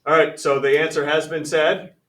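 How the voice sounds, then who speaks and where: A male math teacher leads a classroom lesson, his voice a little high and a bit bright, with a flat delivery at normal speed. He talks in an upbeat, conversational way and calls on students by name. The recording is distant and echoey, as if captured from the far side of the room.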